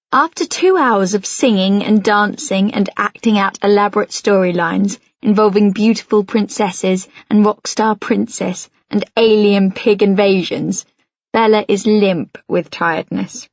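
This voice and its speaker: Woman audiobook narrator, first person, husky, slightly muffled recording. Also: medium pitch, unhurried, dry recording. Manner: intimate, soft-spoken storytelling.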